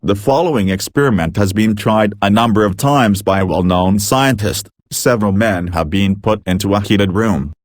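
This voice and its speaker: A man reading a book aloud in measured, earnest scripted narration. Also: on the low side, dry recording, clean studio sound. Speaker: audiobook reader.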